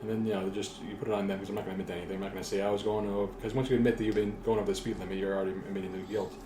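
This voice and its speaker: A man's voice: lowish voice, flat delivery, rapid-fire. A man chatting casually as a podcast co-host, blunt and swearing freely. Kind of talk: casual chat. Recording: echoey room with clear background noise.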